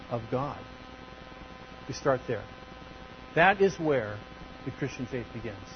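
Animated male preacher, higher voice. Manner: animated, swings between loud emphasis and quiet asides. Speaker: pastor. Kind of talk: sermon. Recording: dull lo-fi church recording with faint hum.

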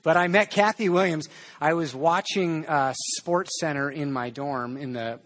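Husky, animated male preacher. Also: a little high, measured pace. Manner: animated storytelling, conversational. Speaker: pastor. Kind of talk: sermon.

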